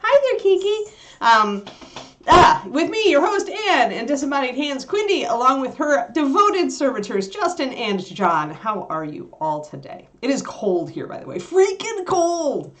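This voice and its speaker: A woman's voice: high voice, normal speed. A woman from Wisconsin hosting a casual livestream, chatting and talking to her puppy along the way. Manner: chatty, animated, talks to her dog. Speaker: host.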